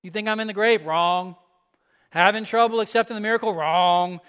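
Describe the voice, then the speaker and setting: A man preacher voicing Jesus as an adult man loudly scolding a doubting disciple with blunt, repeated rebukes. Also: high voice, normal speed, clean tone, in a large hall.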